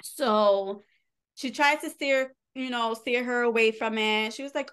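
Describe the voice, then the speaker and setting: Woman, podcast co-host, casual book recap, smooth clear voice, slightly high. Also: a little slow, fairly bright tone. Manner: chatty, filler-heavy retelling with quoted dialogue.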